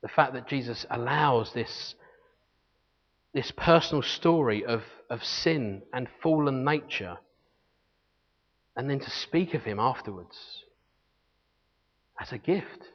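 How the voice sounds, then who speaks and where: A man's voice: medium pitch, expressive, slow, long pauses. A man preaching a sermon, teaching earnestly and reading scripture aloud. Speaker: pastor. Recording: long hall reverb, dull lo-fi sound.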